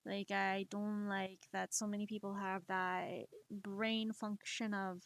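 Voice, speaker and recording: A woman's voice: medium pitch, little pitch movement, slow pace, no echo. A woman streamer from the United States chatting casually while she draws, rambling and sarcastic with lots of fillers. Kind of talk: casual chat while drawing on a livestream.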